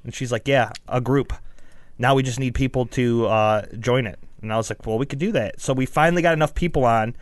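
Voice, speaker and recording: A man's voice: medium pitch, a little fast, dry recording. A man co-hosting a casual gaming podcast, telling stories chattily and reading out listener questions. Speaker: podcast co-host.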